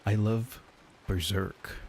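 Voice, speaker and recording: The young man takes it slowly, speaking at a fairly low pitch with a flat delivery and darkish tone, with slight background noise. He streams casual, profane chatter to his viewers, loaded with "like" and "dude."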